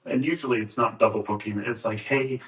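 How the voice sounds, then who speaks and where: A man's voice: fairly low pitch, fast talker, fairly bright tone. A man who works in escrow, chatting casually on a podcast, curious and teasing, full of questions. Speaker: escrow officer and podcast co-host. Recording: echoey room, distant from mic.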